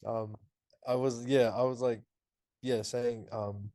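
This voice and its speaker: A young man in his twenties from New Zealand, a podcast guest and student telling stories in an animated, laughing way with lots of fillers. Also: mid-range voice, slow, dry recording, clean studio sound. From Auckland, New Zealand. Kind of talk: casual interview talk.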